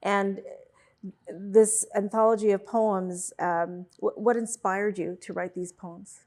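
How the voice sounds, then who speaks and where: A woman's voice: medium pitch, steady tone, slow pace, a little mellow. A woman hosting a casual interview, asking chatty, encouraging questions. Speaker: interviewer host.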